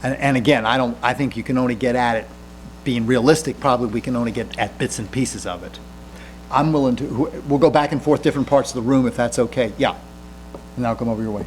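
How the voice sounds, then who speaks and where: Answering questions from the audience, this guest speaker, a senator in his fifties, speaks with sincerity yet stumbles, frequently starting sentences over. There's a little background noise behind his medium-pitched voice in the lecture room.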